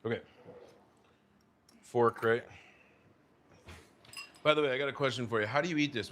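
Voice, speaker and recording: Plating food in his home kitchen, a young cooking vlogger from the United States chats casually with his partner and viewers in a mid-range, slightly bright voice. He speaks at normal speed and pauses often, over a little hiss or hum.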